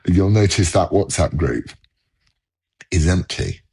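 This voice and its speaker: Guy talking from home on a video call, deep husky voice, earnest, keeps restarting sentences. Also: lively intonation, takes it slowly, darkish tone. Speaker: co-host. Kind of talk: casual chat.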